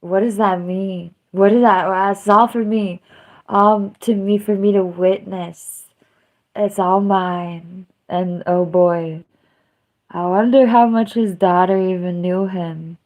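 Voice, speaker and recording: A woman's voice: medium pitch, steady tone, slow, darkish tone. A woman hosting a livestream, chatting casually and emotionally, rambling and trailing off. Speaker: livestream host.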